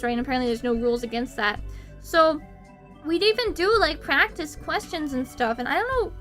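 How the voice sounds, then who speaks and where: A woman's voice: high-pitched, a bit bright. A young woman from the United States, chatting casually on a stream. She rambles, giggles, swears casually and pokes fun at herself. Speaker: VTuber streamer.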